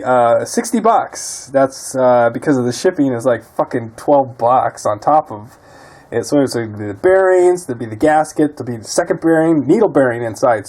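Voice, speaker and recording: Muttering profanities as he fixes a quad in his garage, this DIY mechanic vlogger keeps things casual and frustrated. His voice sits at medium pitch with a darkish tone.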